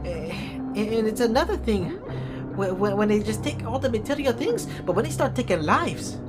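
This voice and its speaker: A woman plays an exasperated churchgoing sister, ranting at her brother and tripping over her words as she piles up complaints. Her voice sits fairly high and swings widely in pitch. Music plays clearly in the background. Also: expressive, normal speed, close to an everyday voice. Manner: stammering, repetitive, ranting. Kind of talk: comedic skit acting.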